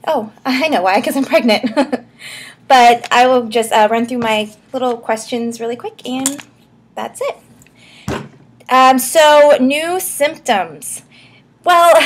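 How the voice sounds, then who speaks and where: A young woman chatting casually in a vlog, a bit short of breath, giggling often and filling pauses with ums and likes. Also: a little high. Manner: chatty, giggly, many fillers and restarts. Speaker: vlogger. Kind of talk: casual pregnancy update vlog.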